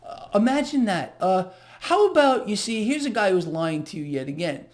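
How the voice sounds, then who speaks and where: A man's voice: high-pitched, big pitch swings, normal speed. A man hosting a solo market commentary, ranting in an agitated, sarcastic, mocking way.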